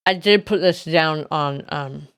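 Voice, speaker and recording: A woman's voice: low-pitched, unhurried. A woman streaming a video game, commenting live and often exclaiming and squealing as she plays.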